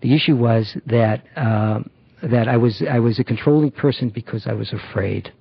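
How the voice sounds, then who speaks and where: A middle-aged man shares his personal testimony in a halting way, stopping often on fillers and restarting his sentences. His voice is gravelly and husky. The recording is dry and dull, with a muffled lo-fi sound. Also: medium pitch, no echo. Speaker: recovery program member.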